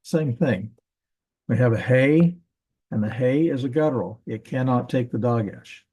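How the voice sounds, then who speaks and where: Mellow-voiced man teaching Hebrew grammar. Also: mid-range voice, moderate pace, slightly rough, rough recording. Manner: casual, thinking aloud with self-corrections. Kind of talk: classroom grammar lesson.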